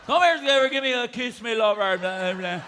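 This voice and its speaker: A man's voice: very high-pitched, fairly quick, pushed and bright, a little hiss or hum. A man playing a chatty, profane older Newfoundland man giving rambling directions, with a Newfoundland accent. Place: theatre stage.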